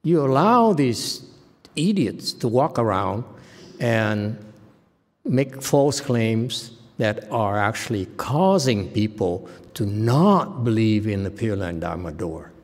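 A man speaking as a Buddhist monk in an informal dharma talk, blunt and scolding, with flashes of sharp indignation. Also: on the low side, sing-song, takes it slowly, big-room sound.

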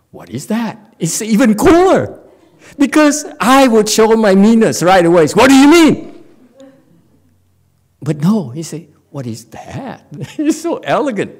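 A woman giving a Buddhist dharma talk, laughing often and checking in with her listeners. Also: medium pitch. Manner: animated, laughing, asks audience often. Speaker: Buddhist teacher. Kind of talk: dharma talk on Chan stories.

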